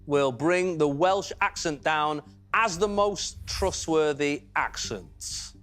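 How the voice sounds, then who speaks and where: A man's voice: fairly high pitch, expressive, takes it slowly, a bit bright, faint music behind. A man hosting a TV quiz show in a studio, chatty and teasing with the contestants. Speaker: game show host. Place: TV studio with audience.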